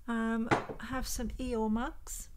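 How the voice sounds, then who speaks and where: A woman's voice: fairly high pitch, little pitch movement, slow, background noise. A woman, a vintage homeware reseller, chatting unhurriedly at home in a casual show-and-tell vlog and thinking aloud as she handles items.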